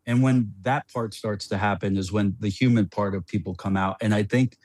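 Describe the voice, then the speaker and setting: Animated man telling a rambling story, dry sound. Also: fairly low pitch, moderate pace, no room sound. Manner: rambling and animated, with frequent restarts and laughs. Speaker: podcast guest, former NBA player. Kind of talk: casual storytelling on a podcast.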